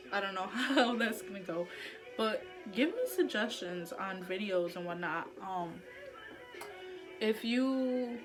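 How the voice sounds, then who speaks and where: A young adult woman talking in a casual personal vlog, heartfelt and chatty, full of "like" and "um" fillers. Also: mid-range voice. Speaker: vlogger.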